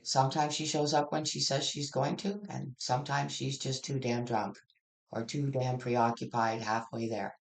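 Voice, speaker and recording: A tarot reader delivers a general reading in a loose, conversational way. The talk is plain-spoken and blunt, with casual cursing and sentences that restart and wander. The voice sits at an ordinary middle pitch. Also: flat delivery, normal speed, gravelly. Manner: blunt, frank, swears casually; rambling with frequent restarts.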